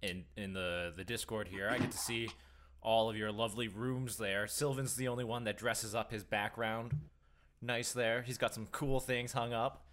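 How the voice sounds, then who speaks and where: A man's voice: lowish voice, steady tone, normal speed, fairly bright tone, a little hiss or hum. A man on a podcast with friends, laid-back and a bit hesitant, teasing the others. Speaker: podcast co-host. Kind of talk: casual chat.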